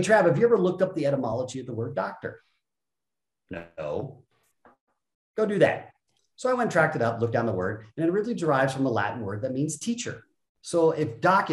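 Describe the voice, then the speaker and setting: A man's voice: mid-range voice, echoey room. A man speaking as a guest on a podcast, blunt and emphatic, often acting out other people's voices to make a point. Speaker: guest, self-help speaker. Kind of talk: energetic podcast conversation.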